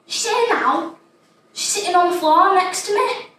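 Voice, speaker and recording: Pitched extremely high with a fairly bright tone, a woman plays a little schoolgirl in a dramatic monologue, chattering innocently at a moderate pace. She rambles in a plain, matter-of-fact way, and the recording is noisy, echoey, and taken from a distant mic.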